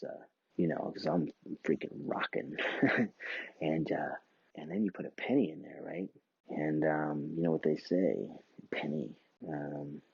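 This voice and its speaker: A man's voice: deep voice, creaky, darkish tone, breathy edge, no echo, highs cut off. A man hosting his own podcast, rambling casually and profanely and chuckling often between thoughts. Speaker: podcast host.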